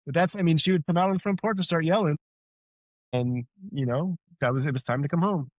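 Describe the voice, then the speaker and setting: A man in his thirties from Southern California, his voice sitting a bit high, tells warm childhood stories on a podcast. He acts out the people he quotes with bounce. The recording is a little dull and completely dry. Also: fairly quick, no echo. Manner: nostalgic storytelling with lively voiced quotes. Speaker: podcast co-host. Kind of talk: casual chat.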